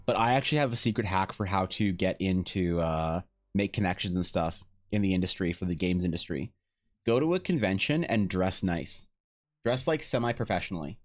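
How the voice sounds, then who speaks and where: A man's voice: lowish voice, lively intonation, fast talker, soft background music. A young man chatting casually on a live art stream, rambling through a story, swearing and acting out both sides of the conversation. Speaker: streaming artist.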